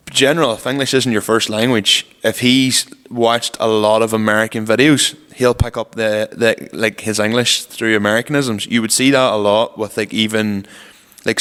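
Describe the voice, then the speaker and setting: Rambling podcast host. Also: male voice, mid-range voice, fairly bright tone, clear, resonant tone, in a large hall. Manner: rambling storyteller, lots of "like" fillers. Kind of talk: casual chat.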